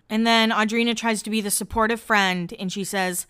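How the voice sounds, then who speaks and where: A woman's voice: fairly high pitch, steady tone, normal speed, few pauses, a bit bright, clean tone. A young woman from Boston hosting a podcast, recapping an episode in a chatty way and acting out the lines of the people in it. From Boston area, United States. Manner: chatty, quotes others in little voices, laughs often. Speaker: podcast host. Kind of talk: casual recap chat.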